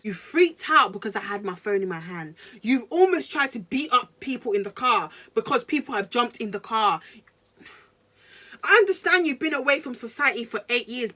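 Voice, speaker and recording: Bright-voiced young woman vlogger. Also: a little high. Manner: animated, slangy, addresses viewers directly. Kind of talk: casual storytelling to camera.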